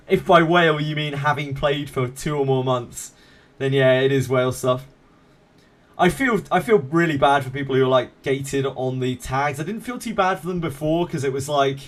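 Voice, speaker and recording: Chill guy streaming a game, mid pitch, jokes at his own expense, swears a lot. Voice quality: laid-back, self-mocking, swears freely. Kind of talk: casual live-stream chat.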